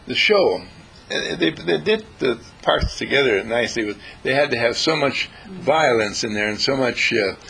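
A man's voice: mid-range voice, creaky, sharp tone, a little hiss or hum, poor audio. A man telling a story to an audience, emphatic and repetitive, speaking straight to his listeners. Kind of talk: storytelling talk.

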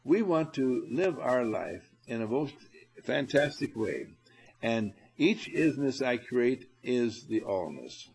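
A man leading a spiritual seminar, coaxing and animated, who addresses his listeners directly and laughs often. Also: medium pitch, slow, creaky, soft background music, poor audio. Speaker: seminar leader. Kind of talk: spiritual seminar talk to a group.

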